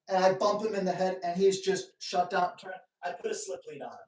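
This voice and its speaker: A man hosting a live dog-training Q&A, telling stories in a lively way and joking with his viewers. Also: high voice, moderate pace. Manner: animated storytelling, joking asides. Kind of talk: casual live-stream talk. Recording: echoey room, distant mic.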